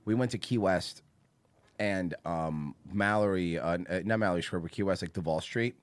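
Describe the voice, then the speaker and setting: A man hosting a podcast who tells stories with animation and acts out other people's shouts in casual chat. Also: low voice, normal speed, no room sound. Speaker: podcast host. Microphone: studio microphone.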